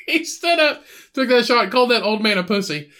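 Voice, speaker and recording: A high-pitched man tells a bar story with a lot of cursing, slipping into quick voices for the people in it. His talk rambles, with restarts, and it has the easy feel of a podcast chat between friends. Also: big pitch swings, pushed and bright, a little hiss or hum. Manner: profane, rambling, acts out other people's voices. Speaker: podcast host.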